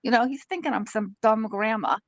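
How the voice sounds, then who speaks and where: A woman telling a story in casual chat on a live stream, animated and laughing often as she goes. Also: fairly high pitch, brisk, no echo, highs cut off.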